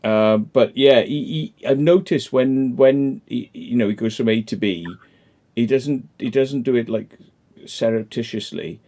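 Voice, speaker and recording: A man's voice: medium pitch, dark tone. A man hosting a livestream, rambling and joking in casual chat. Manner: rambling, self-deprecating, quick to joke. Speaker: livestream host.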